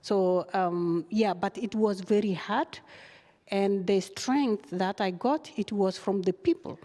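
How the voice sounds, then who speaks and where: Woman guest, halting speech with lots of fillers, talk recorded in a hall. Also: mid-range voice. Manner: halting, many fillers, animated retelling. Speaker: guest, refugee activist. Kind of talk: casual interview storytelling. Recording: long hall reverb.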